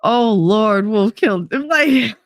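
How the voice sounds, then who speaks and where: A woman's voice: a little high, expressive, slow, no echo. Blunt, crude woman streamer, dry sound. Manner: reads chat aloud and tells stories; laughs often. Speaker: live-stream host. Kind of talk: casual live-stream chat.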